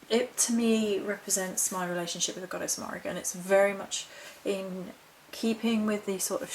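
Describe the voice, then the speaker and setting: Over poor audio with a bit of hiss or hum, a medium-pitched woman casually walks through her witchcraft supply haul on her vlog. She wanders off topic, backtracks, and reads notes aloud from a book.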